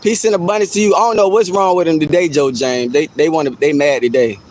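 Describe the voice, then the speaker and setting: A man with a fairly high voice talks casually to his livestream chat, teasing them and repeating his jabs. He is outdoors, with a faint noise behind him. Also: fairly even intonation, fast, darkish tone, low-quality recording.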